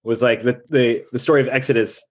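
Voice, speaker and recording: A man's voice: mid-range voice, fairly even intonation, brisk. A man, a comedian guest, riffing in a casual podcast chat and laughing often.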